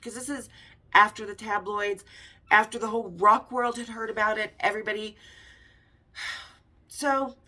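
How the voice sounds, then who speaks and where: A woman's voice: medium pitch, steady tone, moderate pace, long pauses, pushed and bright. A middle-aged woman from Las Vegas hosting a podcast, telling a personal story candidly with swearing and acted-out dialogue. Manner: candid and profane, acting out quoted dialogue. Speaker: podcast host.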